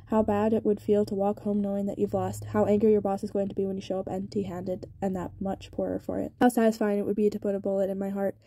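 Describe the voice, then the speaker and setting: Woman reading as a gravelly menacing gang boss. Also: sits high, flat delivery. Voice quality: gravelly rasp. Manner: quiet, taunting, deliberate. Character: cold menacing young male gang boss.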